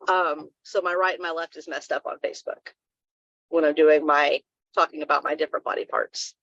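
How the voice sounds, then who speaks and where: A woman's voice: low-pitched, fairly even intonation, moderate pace, long pauses, fairly bright tone, no echo, dull audio. A woman co-hosting a live wellness talk stream, giving earnest advice in a casual, rambling way.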